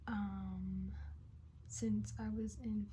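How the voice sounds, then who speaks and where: Chatty young woman, late teens, mid-pitched, slangy casual vlog host. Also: level tone, drawn-out words, mellow, slight background noise. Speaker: reaction channel host. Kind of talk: casual reaction vlog chat.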